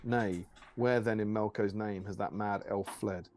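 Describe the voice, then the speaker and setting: A man's voice: fairly low pitch, fairly even intonation, measured pace, a little mellow, slight background noise, lightly acted. A man reading aloud as a cruel, haughty male cat lord with a harsh, snarling manner. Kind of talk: storybook reading.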